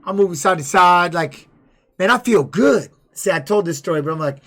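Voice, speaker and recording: High-voiced man telling a profane story. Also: normal speed. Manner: profane, animated retelling. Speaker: streamer and former fighter. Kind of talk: casual storytelling on a live stream.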